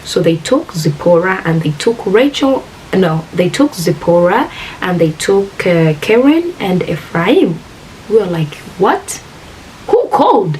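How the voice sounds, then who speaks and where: A woman's voice: fairly low pitch, very animated, a little slow, darkish tone. A woman earnestly tells a personal story to her viewers. She talks to them directly and acts out the dialogue she quotes. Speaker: vlogger. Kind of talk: emotional storytime retelling. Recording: distant mic with faint hiss.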